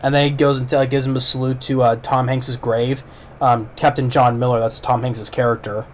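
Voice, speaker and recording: A man's voice: mid-range voice, little pitch movement, moderate pace, a little hiss or hum. A man giving a casual, rambling movie review, retelling the plot with lots of fillers and restarts.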